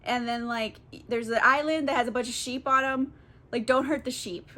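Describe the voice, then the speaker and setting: A woman's voice: a little high, steady tone, normal speed, bright, forceful tone. A tipsy woman retelling a classic book as a casual comedic recap, rambling, swearing and giggling. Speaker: book vlogger.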